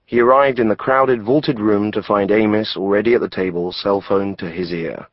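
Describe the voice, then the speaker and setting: A man reading a novel aloud as narrator, in a wry, measured way. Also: lowish voice, steady tone, no room sound, lo-fi sound. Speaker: audiobook narrator. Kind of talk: scripted narration.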